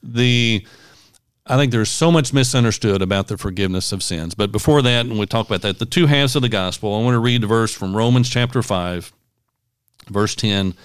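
A man with a smooth, fairly low voice hosts a faith podcast, recorded close and dry. He explains scripture in a measured, explanatory way. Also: dry recording. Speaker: podcast host, Bible teacher. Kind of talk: casual podcast chat with Bible teaching.

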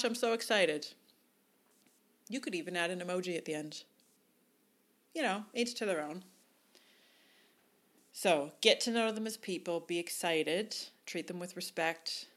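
A woman coaching wedding business owners, upbeat and emphatic, firing off rhetorical questions. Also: fairly low pitch. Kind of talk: instructional talk.

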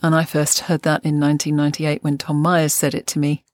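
An older woman in a measured, thoughtful way, explaining fascia and anatomy on a podcast. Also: low-pitched, completely flat delivery, dry recording, clean studio sound. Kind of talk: podcast lesson.

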